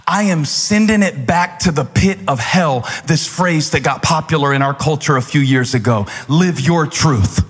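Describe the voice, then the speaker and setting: A pastor preaching a sermon with fervor, building to shouted, repeated refrains in a large church auditorium. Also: male voice, fairly high pitch, normal speed, few pauses, slightly rough, faint music behind. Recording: long hall reverb.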